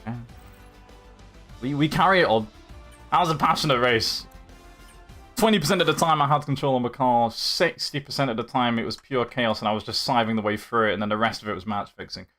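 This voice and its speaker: A man's voice: medium pitch, a little fast, soft background music. A young man commentating his own sim race live, chatting to opponents and viewers as he drives. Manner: animated, talks to other drivers and chat while racing. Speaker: sim racing streamer.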